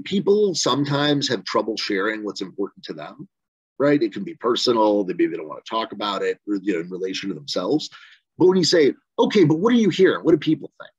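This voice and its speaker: Male trainer, casual and rambling, lowish husky voice, dry dull video-call audio. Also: no echo. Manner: conversational, rambling, many fillers and "right?" asides. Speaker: phone banking trainer. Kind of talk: casual virtual training talk. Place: home room, virtual session. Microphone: video call mic.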